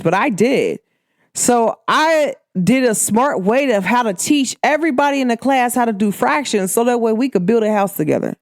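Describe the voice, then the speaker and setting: This podcast host is a young American woman from Cincinnati, Ohio, whose Midwestern accent carries a candid, emphatic, slangy casual monologue. Her pitch is fairly high, and the studio-quality recording has no echo.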